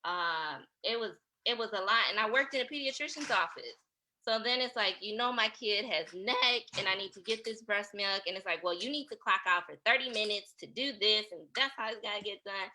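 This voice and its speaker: A woman's voice: medium pitch, brisk, sharp tone, slight background noise, low-quality recording. A woman co-hosting a podcast, earnestly recounting a hard personal experience in casual chat. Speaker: podcast co-host.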